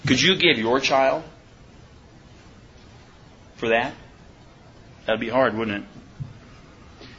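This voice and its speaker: A man leads an informal Bible study in a bright, clear voice. He reads scripture slowly and deliberately, then breaks off to question his listeners. The recording is dull and lo-fi, with a faint hiss underneath. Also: mid-range voice. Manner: conversational, asks the listeners questions. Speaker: preacher.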